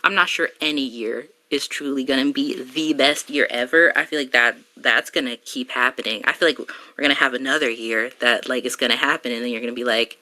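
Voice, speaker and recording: A woman hosting a podcast in casual chat, talking with lots of "like" fillers and animated asides. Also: rumbling low, brisk. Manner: chatty, heavy use of "like", animated asides. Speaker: podcast host.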